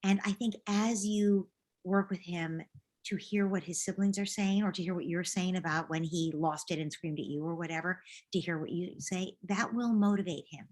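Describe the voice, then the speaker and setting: Woman coach on a video call, lowish voice, gentle reassuring advice to parents. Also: moderate pace. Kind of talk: live group Q&A session.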